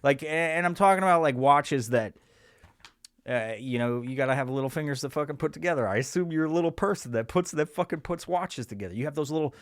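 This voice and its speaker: A podcast host rambles through a crude, sarcastic comedy monologue full of restarts. He talks quickly in a voice on the high side, captured in a dry, studio-quality recording.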